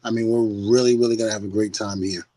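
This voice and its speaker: An older man from the United States, a podcast guest telling stories in a loose, animated way, laughing often and swearing freely. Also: lowish voice, quick pace, no room sound. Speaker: guest, former wrestler. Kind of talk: casual podcast chat.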